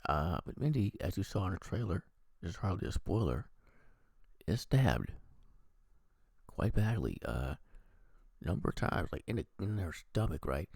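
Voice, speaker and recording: A man's voice: low-pitched, animated, normal speed, vocal fry, long pauses, darkish tone, slightly rough, dry recording. A man giving a casual, profane movie review, animatedly acting out the characters' lines.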